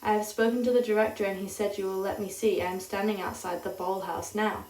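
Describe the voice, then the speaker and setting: A woman reading the part of an insistent male German professor with a German accent, speaking quickly and with stiff formal politeness. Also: medium pitch, steady tone, darkish tone, close to an everyday voice. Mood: pressing. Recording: roomy sound, distant mic.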